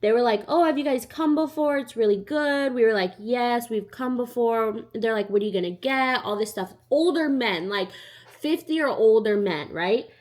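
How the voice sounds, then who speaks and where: A young woman, her voice sitting a little high. She tells a storytime in a loose, chatty way. She keeps slipping into the voices of the people in her story. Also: moderate pace. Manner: chatty and animated, acting out the other people in the story. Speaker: vlogger. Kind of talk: casual storytime.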